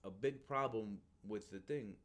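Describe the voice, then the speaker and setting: A man's voice: fairly low pitch, measured pace. A man hosting a casual podcast, talking animatedly and calling the listener bro. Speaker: Marine recruiter podcast host.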